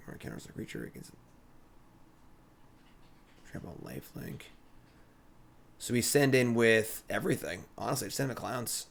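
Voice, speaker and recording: A man streaming a digital card game, thinking aloud in a relaxed, chatty commentary. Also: medium pitch, measured pace, creaky, pauses often.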